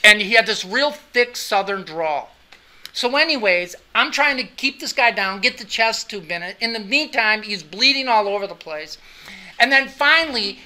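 A very high-pitched, sharp-toned voice belongs to a middle-aged man teaching anatomy and physiology. Before his students in the classroom, he tells a story in a chatty, anecdotal style with frequent "right?" asides.

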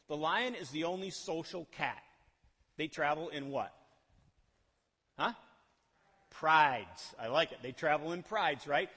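A male pastor preaching a sermon, animated, asking the congregation questions and acting out quotes. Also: a little high. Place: church sanctuary. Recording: long hall reverb.

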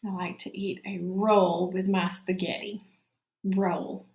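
Woman teacher, slow clear dictation for young kids, mid-pitched voice, roomy echo. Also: level tone, darkish tone. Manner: slow, clear dictation, repeating each word. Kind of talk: spelling lesson for young children.

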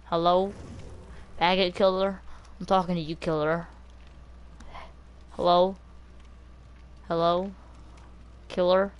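A woman streaming a video game live, talking casually in a loud, crude, teasing way with lots of laughter. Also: fairly low pitch, flat delivery, slow pace, long pauses, clean tone, dull audio.

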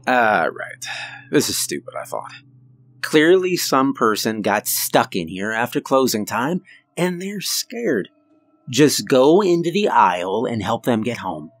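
A man narrating a scripted horror story in the first person, with measured, suspenseful delivery and dramatic pauses. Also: medium pitch, sing-song.

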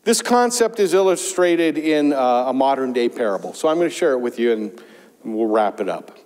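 A man preaching a sermon as pastor, telling a parable with lively emphasis. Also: mid-range voice, moderate pace. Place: church sanctuary. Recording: long church reverb.

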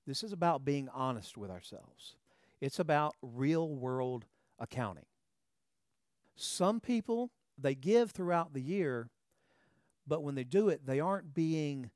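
A male pastor preaches in a plain, mid-pitched voice, talking to the congregation like a friendly teacher. He keeps checking in with "okay?" and "all right" and stumbles over repeated words at the start of phrases. The sound is close and dry, with no room echo. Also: a little mellow. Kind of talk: sermon.

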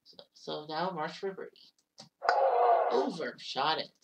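Woman, casual golf game play-by-play, low-ish voice, distant mic, loud background noise. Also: animated, takes it slowly. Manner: chatty, blurts exclamations and mild swearing. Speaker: game commentator.

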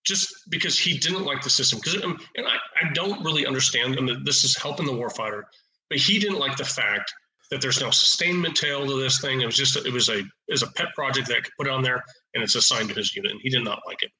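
A man in his forties from Oregon, a podcast guest and retired officer, telling lively anecdotes in a casual, blunt, salty way. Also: medium pitch, fast, echoey room, rough recording. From Oregon, USA. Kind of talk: casual storytelling.

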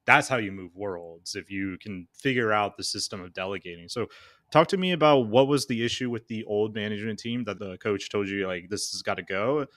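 Male host, easygoing interviewer, slightly low voice. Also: fairly quick. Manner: relaxed, conversational, asks questions. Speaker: podcast host. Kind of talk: casual interview talk.

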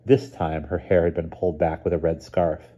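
A man reading a children's novel aloud in a calm, even narrating voice. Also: sits low, moderate pace, muffled recording. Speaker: reader. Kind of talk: storybook narration.

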